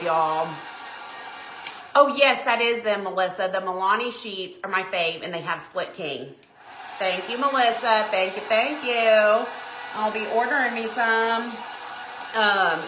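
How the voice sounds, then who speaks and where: Bright Southern woman chatting on a livestream. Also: on the high side. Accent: Southern US (Tennessee). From Tennessee, US. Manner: chatty, greets viewers by name, says y'all. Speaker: craft livestream host. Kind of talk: casual livestream chat and craft demo. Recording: echoey room, faint background hum.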